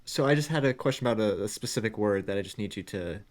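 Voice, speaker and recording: A young man co-hosting a podcast, hesitant and filling pauses in casual chat. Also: lowish voice, expressive. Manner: hesitant, many fillers. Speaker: podcast co-host.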